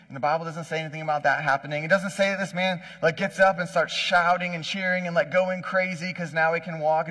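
Guy preaching casually, kinda husky, lots of "like" and "right?", big echoey hall. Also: a little high, fairly bright tone. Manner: conversational, says "like" and "right?" often. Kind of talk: casual sermon. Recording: long hall reverb.

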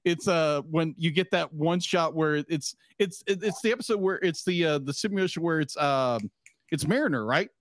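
High-voiced man rambling with laughs. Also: normal speed. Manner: rambling, stumbling over words, laughing often. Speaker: podcast co-host. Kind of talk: casual chat.

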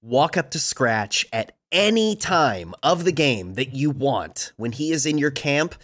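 A co-host of a casual gaming podcast, telling stories in an animated way. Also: medium pitch, measured pace.

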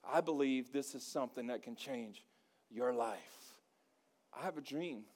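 A man's voice: mid-range voice, a little slow. A male pastor preaching a sermon, folksy and joking, calling for responses from the congregation. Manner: rising to loud emphatic preaching with call-and-response.

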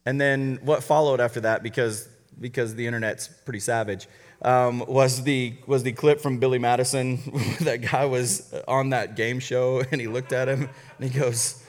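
A man's voice: medium pitch, normal speed. A man preaching a sermon as a college pastor to a live church audience, talking conversationally with frequent restarts and joking asides. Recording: long hall reverb.

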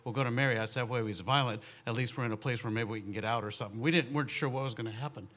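A man, a ministry partner, recalling events in a rambling way, pausing to search for words. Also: medium pitch, fairly bright tone. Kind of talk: casual recollection.

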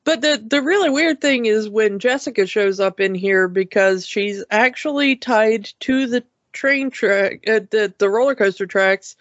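A woman's voice: mid-range voice, measured pace, hardly any pauses, dry recording, highs cut off. A woman co-hosting a casual talk show about cartoons, chatty and enthusiastic, often restarting her sentences. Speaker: podcast co-host. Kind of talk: casual cartoon review chat.

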